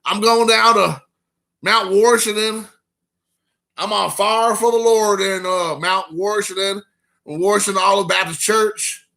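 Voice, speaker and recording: A folksy small-town local, as a man puts him on, pitched up high and drawling each place name with mock earnestness. The voice is bright and crackly with a gravelly edge. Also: fairly even intonation, measured pace, exaggerated voice.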